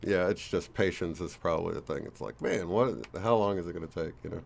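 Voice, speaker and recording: A man talking as a guest in a relaxed, rambling casual chat. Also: low voice, fairly quick, creaky. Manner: relaxed, rambling, laughs easily.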